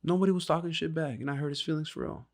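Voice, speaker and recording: A man's voice: on the high side, fairly even intonation, rapid-fire, gravelly. A young man co-hosting a casual podcast, talking brashly and profanely, laughing and acting out little scenes. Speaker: podcast co-host.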